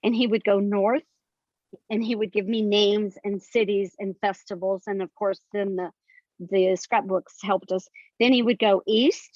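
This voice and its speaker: An older woman speaks as a guest author, recounting things in earnest and detailed stories. Her voice sits at a middle pitch. The recording is dry and a little muffled, with the highs rolled off. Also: fairly even intonation, a little slow, a little mellow, no room sound. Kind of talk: conversational interview. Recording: dry, slightly dull sound.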